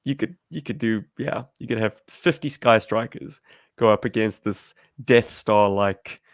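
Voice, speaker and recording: A man's voice: lowish voice, unhurried, no echo, clean studio sound. A man from South Africa, a guest on a video-call livestream, talking in a rambling, self-deprecating way with many fillers. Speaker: amateur filmmaker guest. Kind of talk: livestream discussion.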